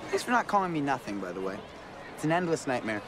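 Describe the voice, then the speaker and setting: A man's voice: mid-range voice, fast, natural voice. An actor playing a sarcastic, outgoing teenage boy chatting at a school game, heard in a film clip. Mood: friendly teasing. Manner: sarcastic, lively. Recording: film clip with crowd and noise. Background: crowd at an outdoor game.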